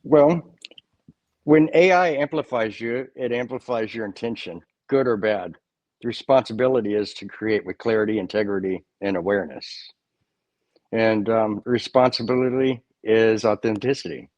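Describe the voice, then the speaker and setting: A man guest in an interview, answering in short, measured declarative statements. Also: fairly low pitch, darkish tone, no echo, dull audio. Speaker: author and music creator, guest.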